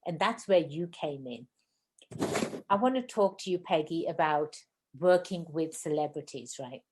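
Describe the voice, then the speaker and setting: A woman hosting a podcast interview, talking fast and effusively in a casual chat. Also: deep voice, lively intonation, darkish tone. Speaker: podcast host.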